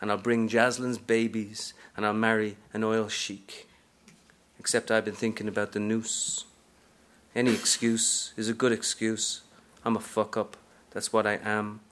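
A man's voice: lowish voice, little pitch movement, a little slow, fairly bright tone. A man reading aloud from a novel, narrating as a brash, streetwise aging woman hustler in a sassy first-person style. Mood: bleak.

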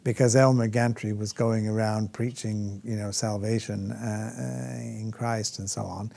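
Gravelly and dark, his fairly low voice keeps a level tone and a measured pace. He's improvising a theology lecture for a class, stumbling through many fillers and restarts, raising rhetorical questions and mimicking those who criticize.

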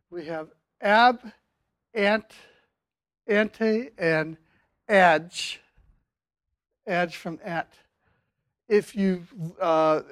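An older man giving a university linguistics lecture, speaking haltingly with many fillers and restarts. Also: high voice, dry recording. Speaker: linguistics professor.

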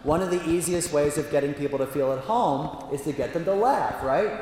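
A man's voice: on the high side, a little fast, darkish tone. A man, a priest, giving a humorous talk to an audience, telling stories with playful asides. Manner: playful storyteller with frequent asides. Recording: roomy hall reverb, faint background noise.

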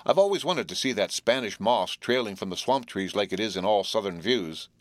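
Steady, earnest teenage boy leader in a storybook, voiced by a man. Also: fairly low pitch, a little fast, no echo, natural voice. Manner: earnest, explaining.

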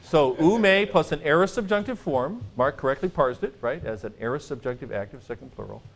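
Lively joking male Greek professor. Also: on the high side, fairly quick, vocal fry. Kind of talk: classroom lecture.

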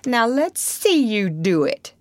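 Casual: woman doing a high voiced stubborn kid, bragging and egging on the other boy. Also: big pitch swings, takes it slowly, no echo, studio quality. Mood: goading. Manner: stubborn, goading boasts. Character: proud new boy in town, stubborn and boastful.

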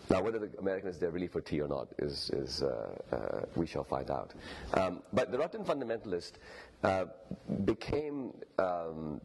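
A man's voice: deep voice, sing-song, moderate pace, vocal fry, darkish tone, breathy edge. A man with a Pakistani English accent, a novelist giving an explanatory lecture and thinking aloud.

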